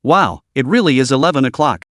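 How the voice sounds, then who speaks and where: A man's voice: medium pitch, animated, brisk, no room sound, close to an everyday voice. A man voicing a carefree young man who jokes and banters, read in a story recap. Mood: cheerful. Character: cheerful carefree young man, playful joker.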